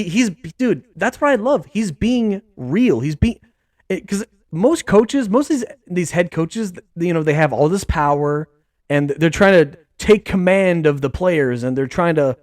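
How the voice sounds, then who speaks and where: A young man hosting a casual sports podcast, rambling excitedly with lots of fillers. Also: a little high, unhurried, dry recording, clean studio sound. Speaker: podcast host.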